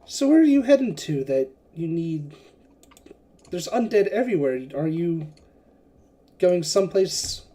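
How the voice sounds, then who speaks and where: A calm male holy man speaks with measured solemnity, put on by a game master. His voice is mellow and soft-edged. He chooses his words with deliberate care. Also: medium pitch.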